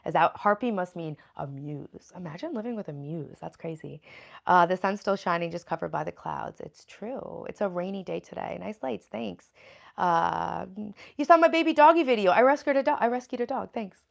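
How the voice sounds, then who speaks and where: A woman's voice: lowish voice, animated, moderate pace, vocal fry. A woman hosting a casual livestream, chatting loosely with many fillers and reading viewer comments aloud. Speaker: livestream host.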